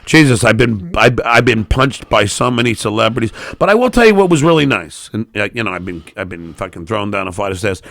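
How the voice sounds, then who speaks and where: A middle-aged man, a comedian guest, ranting with loud, profane sarcasm that swings between shouting and mumbling. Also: fairly low pitch, very animated, fairly quick, few pauses, dry recording. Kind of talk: profane political rant and casual chat.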